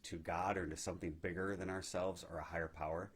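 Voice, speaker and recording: A man giving a gentle, reflective spiritual teaching talk on meditation, often checking in with "right?". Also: low voice, little pitch movement, fast, breathy edge. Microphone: live video stream.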